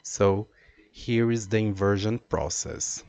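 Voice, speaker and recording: A man teaching an English grammar lesson, explaining slowly and reading out example sentences. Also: lowish voice, fairly even intonation, darkish tone. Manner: slow, deliberate explaining with drawn-out example sentences.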